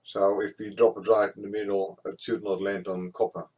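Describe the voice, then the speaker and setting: Man, lowish voice, plain explanatory tone, hesitant fillers. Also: flat delivery, a little mellow, husky. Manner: plain, explanatory, with frequent uh pauses. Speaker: instructor. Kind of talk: practical demonstration.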